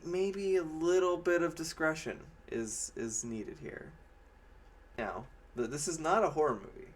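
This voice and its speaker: A man giving a casual, rambling movie review with a sarcastic edge, often slipping into mocking quoted voices. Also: on the high side.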